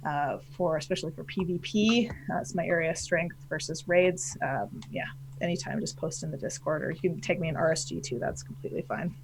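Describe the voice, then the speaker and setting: A woman's voice: low-pitched, a little fast, a little hiss or hum, low-quality recording. A woman on a live stream panel who answers viewer questions in a rambling, self-deprecating way, full of fillers and restarts. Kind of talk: casual live-stream chat.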